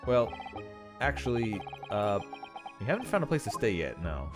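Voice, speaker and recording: A nervous young lawyer who hesitates and sounds uneasy, read by a man in his own voice. Pitch moves a lot, and game music plays clearly underneath. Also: big pitch swings, moderate pace.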